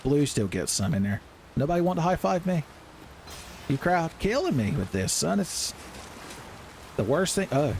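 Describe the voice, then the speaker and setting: A man giving loud, profane, joking commentary while playing a video game. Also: on the high side, big pitch swings, normal speed, long pauses, background noise. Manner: loud, profane, jokey, yelling at enemies. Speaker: gaming streamer. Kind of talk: casual gameplay commentary. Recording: gameplay music behind voice.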